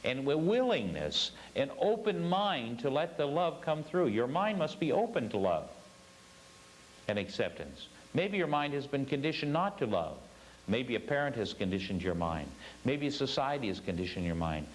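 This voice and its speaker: A man's voice: mid-range voice, big pitch swings, moderate pace, low-quality recording. A man teaching a spiritual class, telling a story earnestly and stressing his points with repeated phrases.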